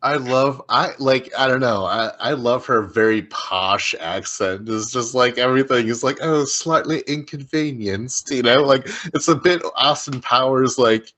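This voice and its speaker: A man co-hosting a podcast, talking about a reality show in a relaxed, agreeable way with quick backchannels. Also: mid-range voice. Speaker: podcast co-host. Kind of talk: casual chat recapping a reality show.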